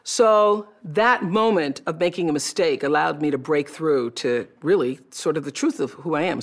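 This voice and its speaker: Gravelly-voiced woman telling her life story. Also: sits low. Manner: animated, expressive, acts out remembered voices. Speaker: television personality recounting her career. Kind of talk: personal storytelling talk.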